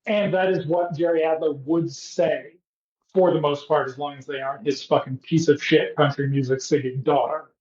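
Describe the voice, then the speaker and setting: A man's voice: on the high side, steady tone, normal speed, darkish tone. A man co-hosting a podcast, recapping a show in casual comedic chat with sarcastic, profane riffing. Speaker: podcast co-host. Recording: echoey, dull lo-fi room sound.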